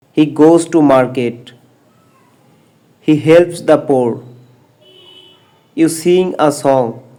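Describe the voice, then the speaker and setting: A man reading short example sentences aloud, slowly and deliberately, one at a time, as an English teacher. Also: a little high, dark tone, poor audio.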